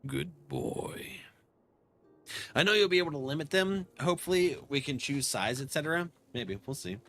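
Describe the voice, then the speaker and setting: Animated, laughing male game streamer. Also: on the high side, normal speed, slight background noise. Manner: jokey, swears often, laughs a lot. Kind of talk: casual live-stream commentary.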